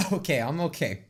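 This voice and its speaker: A man hosting his own reaction channel talks casually about losing a pet. His voice is choked and tearful, and he rambles with halting restarts. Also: on the high side. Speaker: YouTube reaction host. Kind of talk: emotional casual reaction talk.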